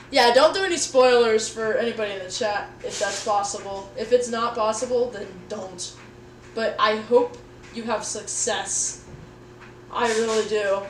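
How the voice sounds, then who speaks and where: Young female streamer, goofy and rambling, cooking at home, higher voice. Echoey room, mic at a distance, noisy background. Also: normal speed. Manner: goofy, rambling, swears casually, talks to chat. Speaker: livestreamer. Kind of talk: casual livestream chat while cooking. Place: home kitchen.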